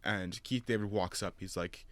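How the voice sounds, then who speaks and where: Man, lowish voice, casual movie chat, dry close sound. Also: moderate pace, no echo. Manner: animated storytelling, frequent laughs and fillers. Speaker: podcast co-host.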